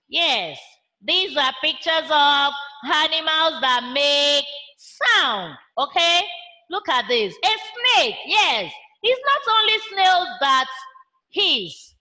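A woman with a Nigerian accent teaching young children in an online class, imitating animal sounds in a slow sing-song way. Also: sits high, very animated, pushed and bright. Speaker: primary school teacher.

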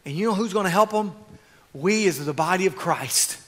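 A man preaching a sermon as pastor, swinging from quiet asides to loud, fervent exhortation. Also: high-pitched, expressive, moderate pace, big-room sound.

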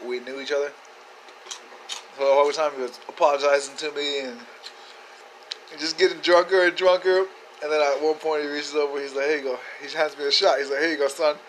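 A man's voice: medium pitch, low-quality recording. Man, laid-back rambling delivery, fillers and swearing, recorded on a phone with faint background noise. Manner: grows loud and excited as the story builds. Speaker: sender of a video message to a friend. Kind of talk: casual storytelling. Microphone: phone video message.

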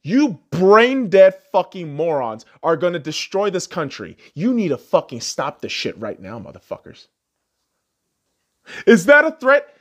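Male podcast host, furious profane rant, very lively pitch, shouts then mutters. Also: unhurried. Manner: angry, insulting, swings between yelling and muttering.

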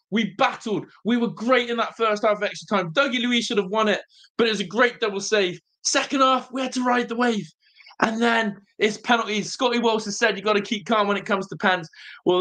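A fan channel host, excitedly calling a live football watch-along, overwhelmed and breathless, chatting with viewers in the live chat. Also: medium pitch. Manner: excitable, shouting in celebration.

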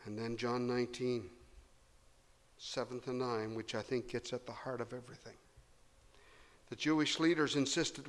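A man preaching a sermon, swinging between loud emphasis and hushed low tones. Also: fairly even intonation, normal speed. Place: church hall. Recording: long hall reverb.

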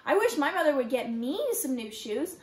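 Imaginative young girl, voiced by a woman, playful, reassuring, high pitch, roomy sound. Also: expressive, normal speed. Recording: roomy echo.

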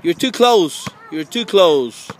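A man coaching his young daughter at basketball outdoors, coaxing and repeating encouragement, sometimes rising to loud urging. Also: animated, slow pace. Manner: encouraging, repetitive coaxing, gets loud and high when urging. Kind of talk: casual coaching. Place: outdoors by a hoop. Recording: faint outdoor background noise.

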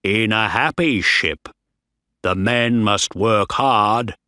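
A man reading a story aloud for English learners in clear, deliberate scripted narration. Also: fairly low pitch, sharp tone, dry recording, studio quality.

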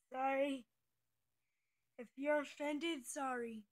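A young female speaker who says she is twelve, chatting casually and giggling often as she hops between topics. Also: high voice. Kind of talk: casual chat on a call.

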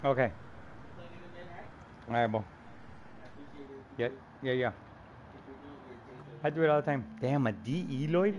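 A man's voice: medium pitch, slow, long pauses, a little hiss or hum. Profane, laughing male game streamer. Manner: profane, laughing, animated storytelling. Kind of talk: casual gaming banter.

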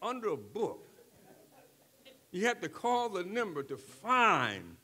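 Older preacher man, bright and lively. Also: high-pitched, slow pace. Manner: call-and-response preaching, swings from soft talk to shouting. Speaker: pastor. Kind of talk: sermon.

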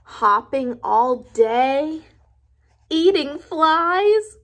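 A woman's voice: high-pitched, very animated, slow, slight background noise, exaggerated voice. Gerald, a woman doing a fretful elephant. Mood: worried. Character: anxious male elephant, easily surprised.

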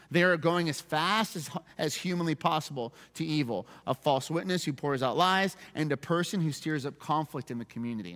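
A man's voice: fairly high pitch, a bit bright, big-room sound. A man preaching a sermon as pastor, conversational, repeating verse references and checking in with the congregation. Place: church sanctuary.

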